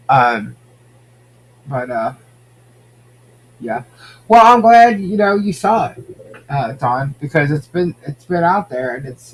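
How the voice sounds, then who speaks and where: A man's voice: fairly high pitch, breathy edge. A man hosting a casual podcast, chatting and reacting to viewer comments. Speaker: podcast host. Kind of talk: casual gossip chat.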